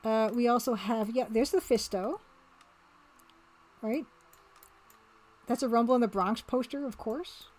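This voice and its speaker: A woman with a somewhat high voice talks loosely through her artwork on a live stream. She rambles, restarts, and keeps replying to chat in an easygoing, chatty way. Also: a little slow, long pauses, darkish tone. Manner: rambling, chatty, reads and answers chat, laughs often. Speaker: streamer and pixel artist.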